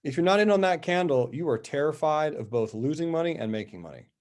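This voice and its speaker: A man's voice: fairly high pitch, animated, fast, a little mellow. Upbeat man going over stock charts. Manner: upbeat, chatty, talks straight to viewers; reads out viewer questions and answers them. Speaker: stock trading host. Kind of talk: live market commentary over charts.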